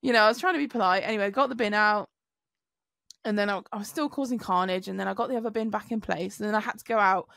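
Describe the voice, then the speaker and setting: A woman on a podcast, telling an animated story with swearing. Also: medium pitch, fast talker, vocal fry, dry recording, studio quality. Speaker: podcast co-host. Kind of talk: casual chat.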